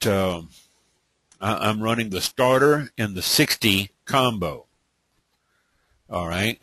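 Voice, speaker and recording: A man's voice: lowish voice, fairly bright tone, husky, no room sound. A man giving a live webinar training, blunt and emphatic, speaking in bursts and checking in with frequent "okay?". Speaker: online business trainer.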